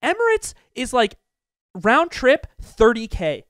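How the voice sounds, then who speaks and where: A high, clear-voiced young man telling a story. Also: takes it slowly, no echo, clean studio sound. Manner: animated, profane anecdote-telling with many fillers. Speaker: podcast host. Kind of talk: casual storytelling.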